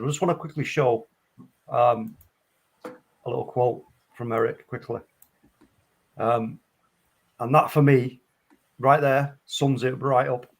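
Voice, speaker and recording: A man's voice: mid-range voice, creaky. A man joins a casual fan panel chat. His voice sits in a middle range. He speaks emphatically and repeats his key phrases for weight.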